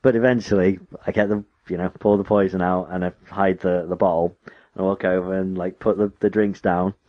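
A man recounting a scary experience with lively retelling, acting out quoted lines. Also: low voice, fairly quick, dry recording. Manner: animated, acts out quoted lines in character voices. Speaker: storyteller recounting an immersive horror experience. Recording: dull, dry recording.

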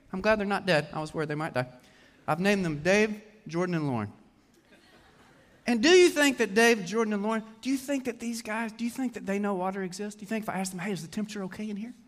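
A man preaching a sermon to a congregation in an animated way, often putting questions to his listeners. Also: high-pitched. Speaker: pastor. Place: church hall with congregation. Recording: long hall reverb.

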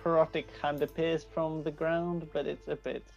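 A man's voice: a little high, level tone, normal speed, gravelly, lo-fi sound, soft background music. A man playing in a tabletop game, speaking tentatively and asking the game master questions. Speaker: player.

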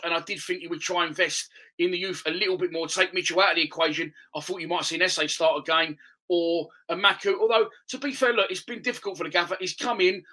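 A man's voice: high voice, bright, forceful tone, low-quality recording. A man hosting a football podcast, giving an opinionated, conversational fan's preview of the next match. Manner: opinionated, conversational fan analysis.

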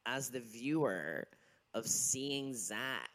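A woman co-host in casual chat, rambling and self-deprecating. Her pitch moves around a lot as she talks, and she laughs often. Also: lively intonation, drawn-out words, a bit bright. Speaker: podcast co-host.

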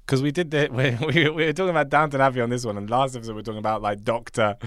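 A man's voice: mid-range voice, fairly even intonation, racing, a bit bright. A man co-hosting a podcast, chatting casually and cutting in with teasing jokes. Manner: joking, teasing interjections. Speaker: podcast co-host. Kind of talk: casual chat.

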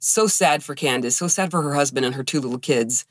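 Woman podcast co-host, animated storyteller acting out quoted dialogue, dry close sound. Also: very deep voice, fairly quick, dry recording. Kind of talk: casual storytelling chat.

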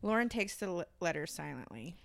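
A woman's voice: on the low side, sing-song, fairly quick, creaky, fairly bright tone, no room sound. A woman reading the stage directions aloud in a comedy script reading.

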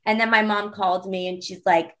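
A woman's voice: medium pitch, fairly even intonation, fairly quick. A young woman guest on a podcast, telling candid stories casually with many fillers and acted-out quotes.

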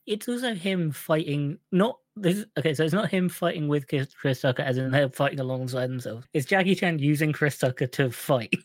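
Excitable man gushing about films. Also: fairly high pitch, brisk, few pauses, dry recording. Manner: enthusiastic, laughs often. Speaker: podcast co-host. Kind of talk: casual film review chat.

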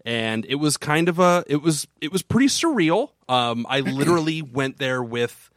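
A man's voice: fairly high pitch, animated, normal speed, no room sound, studio quality. A man hosting a casual podcast chat, telling a rambling story with many restarts. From Florida. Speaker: podcast co-host.

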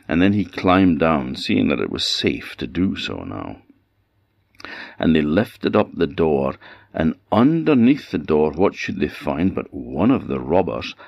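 Deep, slow Orkney storyteller man. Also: vocal fry, no room sound. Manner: unhurried, expressive storytelling. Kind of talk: oral folktale telling. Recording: dull dry lo-fi recording.

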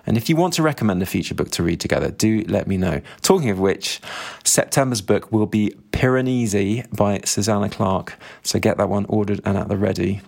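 A man hosting a book club podcast, reading a novel aloud in a measured, even way and adding friendly asides. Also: on the low side, gravelly.

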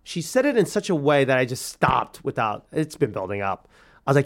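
Animated man telling his own story. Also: medium pitch. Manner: animated, halting, many restarts. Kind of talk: personal storytelling.

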